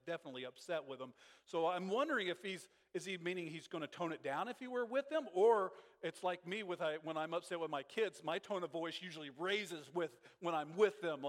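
A man preaching an informal sermon as pastor of a Bible class, animated, laughing, and acting out quotes. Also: on the high side. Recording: long hall reverb.

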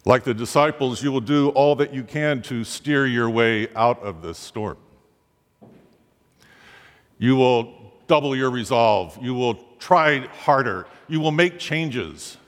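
A man preaching a sermon, dramatic, his voice rising sharply on the pleading questions he voices. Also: slow pace. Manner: dramatic, rising pitch on quoted pleas. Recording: long hall reverb.

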